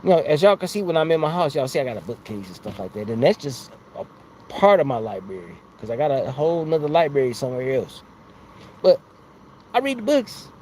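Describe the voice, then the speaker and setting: A man's voice: medium pitch, very animated, fairly quick, dark tone, slight background noise. A man hosting a casual live stream from outside his home, talking into a phone in a rambling, slangy way and laughing often. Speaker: livestream host.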